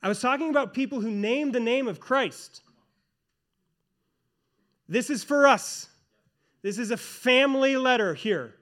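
A man, a pastor and church elder, preaching a sermon in an earnest, emphatic way, slowing down to stress key phrases. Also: extremely high pitch, fairly bright tone.

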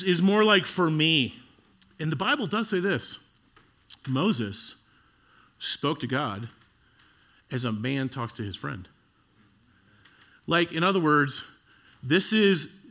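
Bright-voiced animated male preacher. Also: medium pitch. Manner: animated, conversational preaching with sudden loud peaks and hushed drops. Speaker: pastor. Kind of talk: sermon.

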